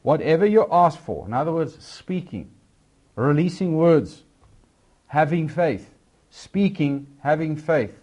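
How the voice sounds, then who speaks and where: Man preaching with lively emphasis. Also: fairly high pitch, slow pace. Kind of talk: sermon.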